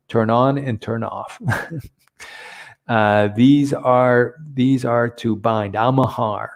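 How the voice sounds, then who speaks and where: A man teaching a Bible lesson, halting often with fillers and restarts. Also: fairly low pitch, a little mellow. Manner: hesitant, many fillers and restarts, switching between two languages.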